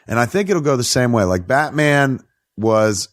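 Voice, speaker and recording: A man hosting a podcast, chatting casually and profanely about a film, rambling and quick to laugh. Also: mid-range voice, expressive, no room sound, clean studio sound. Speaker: podcast host. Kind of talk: casual film review chat.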